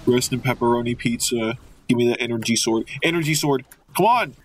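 A young man giving goofy, excitable commentary while playing a video game, joking and trash-talking the enemies. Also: medium pitch, a little fast, a little hiss or hum. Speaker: gamer. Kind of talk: let's play commentary.

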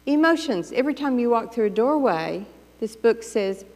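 A woman's voice: a little high, expressive, moderate pace, a little mellow, long reverb tail. A woman pastor giving a sermon in a conversational, playful way, acting out the voices of everyday thoughts. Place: church sanctuary.

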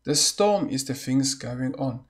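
A man's voice: mid-range voice, expressive, slow. A man preaching an earnest sermon, reading scripture aloud and leading a short prayer.

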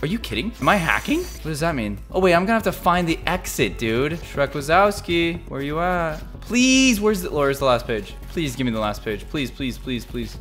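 A young man hosting a gaming video, giving excited play-by-play that jumps between low mutters and sudden yelps and shouts. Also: brisk, few pauses, faint music behind. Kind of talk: excited gameplay commentary.

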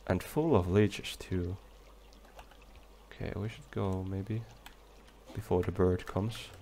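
A man giving relaxed, chatty commentary while playing a game, talking to the creatures on screen. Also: deep voice, slow. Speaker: let's play gamer. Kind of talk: casual gameplay commentary. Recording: faint game music behind.

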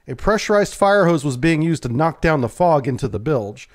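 A man, a navy submarine veteran, telling a first-person true story in a calm, measured way. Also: on the high side.

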